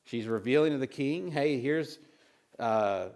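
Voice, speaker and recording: A man's voice: mid-range voice, lively intonation, measured pace, darkish tone. Give me a man preaching casually, reading scripture and chatting through the story. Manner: conversational preaching, with many restarts and asides; retells scripture with acted voices. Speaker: pastor.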